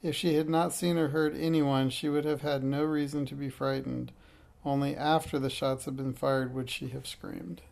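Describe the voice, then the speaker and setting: A man reads a children's detective story aloud in a plain, steady way. His voice has a gravelly edge at a middle pitch. Now and then he trips over a word and corrects himself. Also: normal speed. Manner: plain steady reading with slips and self-corrections. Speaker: reader. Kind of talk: reading a children's mystery aloud.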